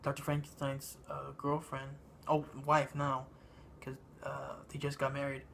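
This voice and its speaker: A man giving a casual spoken movie review, halting and meandering, with lots of ums and uhs. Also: medium pitch, monotone, gravelly, a bit bright, a little hiss or hum. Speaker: film reviewer.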